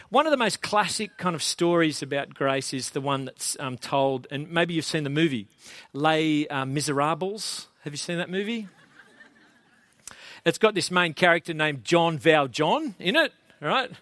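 A middle-aged pastor delivers a sermon in a relaxed, conversational way, joking at his own expense. His voice sits slightly high for a man, and the sound is close and dry. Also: moderate pace, no echo. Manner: casual, chatty, self-deprecating.

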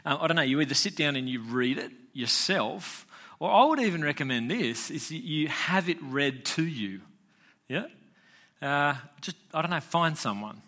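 A man's voice: on the high side, animated, normal speed, bright, forceful tone. A man preaching a casual, chatty sermon as a pastor, joking with listeners and restarting phrases often.

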